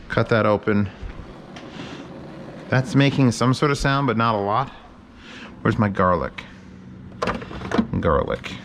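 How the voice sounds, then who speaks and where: A man's voice: medium pitch, noisy background. Joking, swearing man cooking at home. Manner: joking, profane, rambling commentary. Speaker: home cook host. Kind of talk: casual cooking vlog. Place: home kitchen.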